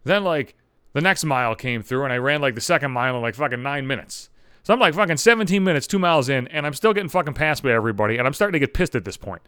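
Lively, foul-mouthed man in his thirties. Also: fairly high pitch, fast, clean tone, dry recording, studio quality. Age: 30s. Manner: exasperated, swearing constantly, self-deprecating rant. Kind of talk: profane comedic monologue.

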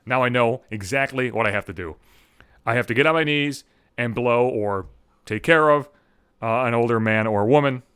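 A man's voice: mid-range voice, normal speed, a bit bright, clear, resonant tone, no room sound, clean studio sound. A man hosting a solo podcast from home, ranting in a heated, profane way and stumbling over restarts. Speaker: podcast host. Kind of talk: solo comedic rant podcast.

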